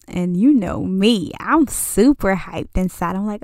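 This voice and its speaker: A woman in her twenties telling a personal story casually, animated and acting out the dialogue. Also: mid-range voice, unhurried, hardly any pauses, no room sound, clean studio sound. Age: 20s. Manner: lively and animated, acts out dialogue. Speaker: vlogger.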